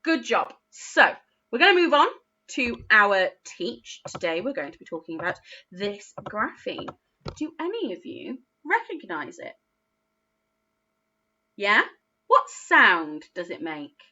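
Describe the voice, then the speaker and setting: Slow, lively woman teaching phonics. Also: mid-range voice, highs cut off, a little hiss or hum. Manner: slow, encouraging, sing-song teacher talk with exaggerated praise. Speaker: early years teacher. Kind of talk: phonics lesson for young children.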